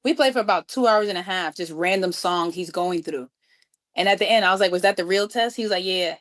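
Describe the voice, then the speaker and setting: A woman from New York City, a guest musician, telling a story with lively acted-out dialogue. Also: on the low side, a little fast. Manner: acts out quoted dialogue with lively voices. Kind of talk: animated storytelling.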